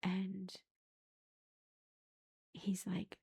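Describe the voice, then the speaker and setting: In a whispered ASMR book review, a woman retells the plot in a soft, unvoiced whisper, rambling with plenty of "like" and "you know." Her voice is medium-pitched, level, slightly rough and creaky, a little slow, with long pauses.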